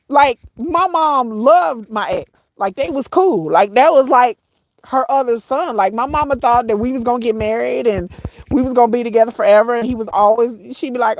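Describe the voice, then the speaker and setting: A middle-aged woman talks straight to her viewers, halting and circling back on her words as tears press at her voice. Her tone sits a touch high, and the recording is close and dry with no room sound. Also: animated, no echo. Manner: halting, repeats herself, addresses viewers as y'all. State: tearful, voice breaking at times. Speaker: vlogger. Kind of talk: emotional personal storytelling to viewers.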